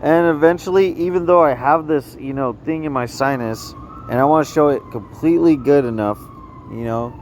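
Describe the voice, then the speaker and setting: A man rambling through a personal story in a halting, repetitive vlog, often trailing off and restarting. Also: fairly high pitch, darkish tone, a little hiss or hum. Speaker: vlogger.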